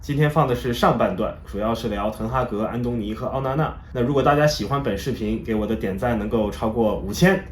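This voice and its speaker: Brief: male host, lively storyteller then interviewer, mid-pitched, roomy echo, faint background hum. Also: quick pace, hardly any pauses. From China. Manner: lively storyteller, voices quoted people.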